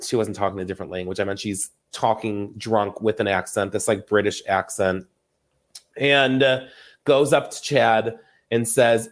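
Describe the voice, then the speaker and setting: A young man hosting a podcast, recapping reality TV gossip in a casual, animated, profane way with frequent laughs. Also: fairly low pitch, moderate pace. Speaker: podcast host.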